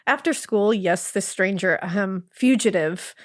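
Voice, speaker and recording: Unhurried and medium-pitched, the female podcast co-host reads out a listener's story casually, full of sarcasm, swearing, and frequent laughter.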